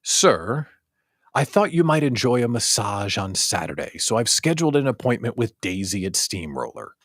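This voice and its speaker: A man's voice: fairly low pitch, sing-song, moderate pace, fairly bright tone, no echo. A man voicing a formal, attentive male butler with a dry wit. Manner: formal, courteous.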